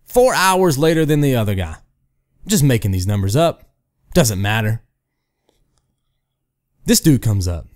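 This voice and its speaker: A man's voice: medium pitch, unhurried, pauses often. A man hosting a gaming channel, ranting to camera in a casual way, telling hypothetical stories and often asking "right?". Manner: animated, rhetorical, keeps asking "right?"; storytelling with hypotheticals. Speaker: gaming video host.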